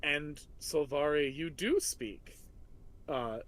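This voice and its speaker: A man's voice: a little high, takes it slowly, a bit bright. A man narrating and running a tabletop game as game master, playful and descriptive.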